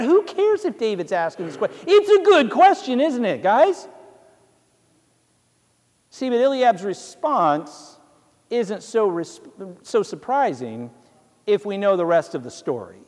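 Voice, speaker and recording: A man's voice: very high voice, a little mellow, big-room sound. A male pastor preaching a sermon, telling the story dramatically and asking his listeners rhetorical questions.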